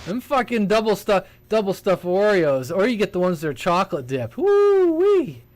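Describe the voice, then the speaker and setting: A man with a high voice chats over a CB radio transmission. He talks bluntly and casually, swears a lot and likes telling stories. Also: fairly quick. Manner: blunt, profane, storytelling. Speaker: CB radio station operator.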